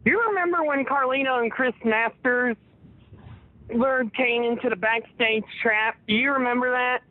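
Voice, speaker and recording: A man calling in to a live podcast, chatting casually in a slow, halting way with many pauses. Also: very high-pitched. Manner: slow and halting, lots of filler. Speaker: caller. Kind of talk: casual chat over a call line. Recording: tinny dry phone line.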